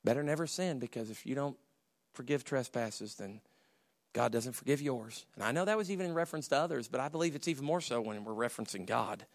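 A middle-aged man preaching a sermon, swinging from shouted, high bursts of emphasis down to hushed, quiet storytelling, often repeating and restarting his phrases. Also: animated, brisk, gravelly, no room sound, clean studio sound.

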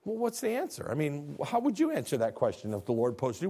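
A middle-aged man preaching a sermon as pastor, animated, acting out dialogues and swinging from quiet low lines to near shouts. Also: quick pace, slightly rough.

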